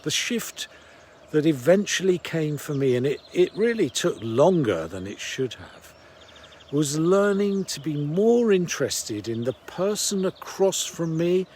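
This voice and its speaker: A man who coaches sales, giving a reflective storytelling talk in a measured way that trails off softly at the ends of phrases. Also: a little high, a little hiss or hum.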